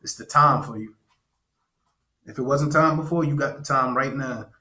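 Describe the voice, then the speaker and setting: A man's voice: medium pitch, moderate pace, sharp tone, echoey room. A man co-hosting a casual podcast, blunt and emphatic, who swears freely as he makes his points. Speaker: podcast co-host.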